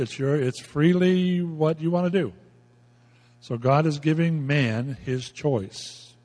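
A man's voice: medium pitch, slow pace, darkish tone, long reverb tail. A male pastor preaching a folksy, emphatic sermon, repeating himself as he explains scripture.

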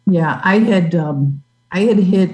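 A woman giving a personal faith testimony as a guest, earnest and halting, with restarts. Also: on the low side, darkish tone, low-quality recording. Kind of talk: testimony in an interview.

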